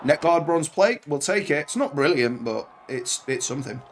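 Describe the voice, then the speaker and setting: A gaming channel host with a fairly high, expressive voice commentates his playthrough at a moderate pace over a noisy background. In this let's play he's chatty and bantering, swearing at the on-screen soldiers.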